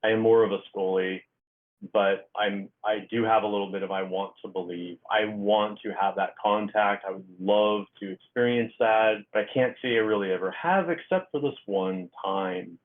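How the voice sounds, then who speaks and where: A middle-aged man, a guest author, telling a story in a halting way with many fillers and restarts. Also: lowish voice. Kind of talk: casual storytelling interview. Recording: tinny phone-like line.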